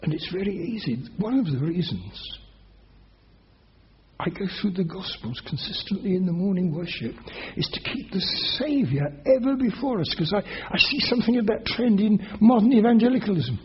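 A man's voice: sits high, lively intonation, normal speed, muffled recording. A man preaching a sermon as pastor, earnest and emphatic, pressing his listeners with rising questions.

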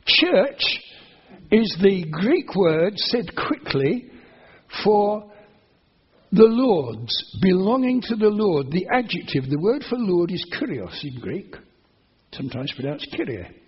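A man's voice: sits high, very animated, slow pace, breathy edge. A man preaching an expository sermon, explaining carefully and building to emphatic, repeated phrases. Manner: earnest, explanatory, rising to emphatic repetition. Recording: dull lo-fi sermon recording.

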